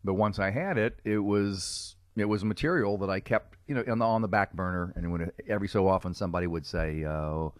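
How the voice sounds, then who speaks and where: Deep-voiced man telling stories. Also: brisk, hardly any pauses, clear, resonant tone, dry recording, studio quality. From Cincinnati, USA. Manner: storytelling, laughs often, self-mocking. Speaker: guest, comedic speaker and character performer. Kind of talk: casual podcast chat.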